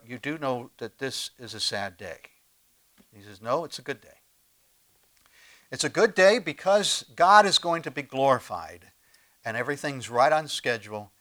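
A man preaching a sermon as pastor, conversational and animated, with sudden swings between loud emphasis and quiet asides and frequent rhetorical questions. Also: mid-range voice. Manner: animated preaching with big swings in loudness and pace.

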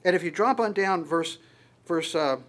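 A man's voice: high-pitched, moderate pace, fairly bright tone. A man preaching a sermon, quoting scripture and talking to his congregation in a conversational way, often restarting his sentences. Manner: conversational, quotes scripture and acts out voices in passing; frequent restarts and stammers.

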